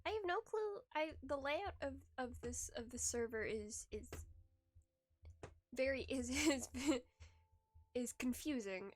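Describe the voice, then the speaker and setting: Speaking slowly in a fairly high voice with lively intonation, a female streamer chats casually while she plays. She rambles, restarts her sentences, and lets out little giggles, with faint music in the background.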